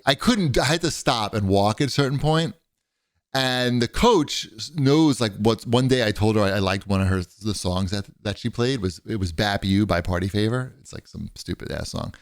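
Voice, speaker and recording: A man's voice: on the low side, dry recording, clean studio sound. A man co-hosting a podcast in casual chat, telling long rambling stories and raising his voice when he quotes other people. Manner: rambling storyteller, animated when quoting others. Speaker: podcast co-host.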